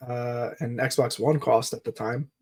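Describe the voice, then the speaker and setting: Rambling podcast co-host explaining trends. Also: male voice, medium pitch, fairly even intonation, unhurried, a little mellow. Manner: rambling, hedging with fillers as he explains. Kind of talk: casual chat, market talk.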